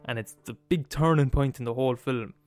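Male podcast host, mid-pitched, sweary comic rant with faint guitar music underneath. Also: a little fast, a little mellow, no echo. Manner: profane, emphatic, laughs at his own points. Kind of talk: comedic rant.

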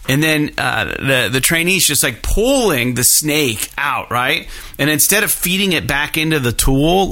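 Animated, swearing man telling a story. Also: a little high. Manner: profane, animated, acts out quoted people. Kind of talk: casual storytelling chat.

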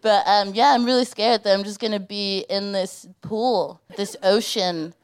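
A woman co-hosting a live comedy podcast on stage, telling stories in an animated, giggly way. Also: medium pitch, a little slow, smooth. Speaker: co-host. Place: live stage before an audience.

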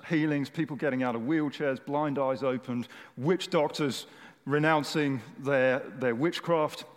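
A man preaching a sermon to a large congregation in a conversational, humorous way. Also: mid-range voice. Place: church hall with a large audience. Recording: echoey hall.

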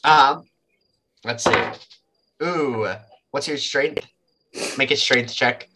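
Bright-voiced game master. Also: male voice, mid-range voice, takes it slowly. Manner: loose, filler-heavy narration. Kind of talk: narrating a tabletop game.

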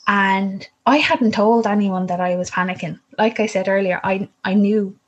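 A woman's voice: medium pitch, steady tone, normal speed, lo-fi sound. A young woman candidly telling her own birth story in casual talk, rambling and correcting herself as she goes. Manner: candid, rambling, self-interrupting, with laughs and swearing.

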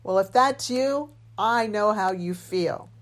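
This is a middle-aged woman hosting a podcast and sharing a personal story, with the openness and earnest warmth of a doctor talking to her listeners. Her voice sits at an ordinary middle pitch and moves through lively, expressive swings. She sounds candid and heartfelt throughout. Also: slow pace. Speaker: podcast host and medical doctor.

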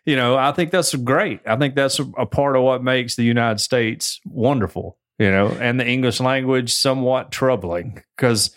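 A man with a Southern US accent, from Alabama, chats easily and pokes fun at himself. He sits mid-range in pitch and laughs often as he co-hosts a podcast. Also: moderate pace, hardly any pauses, fairly bright tone. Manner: easygoing, self-deprecating, laughs often. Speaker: podcast co-host. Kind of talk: casual chat.

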